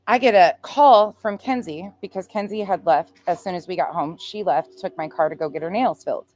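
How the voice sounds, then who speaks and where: Blunt, cursing woman, low voice. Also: fairly quick. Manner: blunt and profane, animated storytelling. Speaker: true crime commentary streamer. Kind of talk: casual livestream chat.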